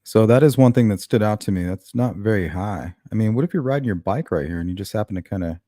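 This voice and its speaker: Mulling over a case while welcoming chat viewers, this true-crime livestream host keeps things casual. His voice is lowish and mellow, with lively intonation and a quick pace, in clean studio sound without echo.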